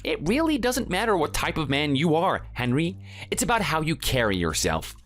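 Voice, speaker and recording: Man voicing an indignant family man, fairly high voice, confrontational, synthetic read, faint music. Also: very animated, moderate pace, a bit bright. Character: Italian-born family man standing up to a bully. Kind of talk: text-to-speech texting story.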